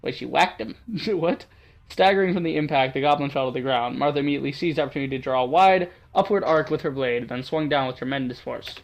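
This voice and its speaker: A man's voice: mid-range voice, quick pace, creaky. A man narrating a visual novel on his gaming channel, stumbling over lines and joking at himself. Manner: self-mocking, stumbling over reading. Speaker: gaming YouTuber. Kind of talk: let's play narration and commentary.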